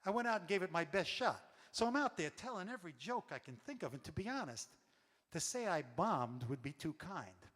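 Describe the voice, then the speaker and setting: Animated man telling stories on stage. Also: high voice, a little fast, long reverb tail. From New York. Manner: animated, wry. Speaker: storyteller. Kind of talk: comic stage monologue.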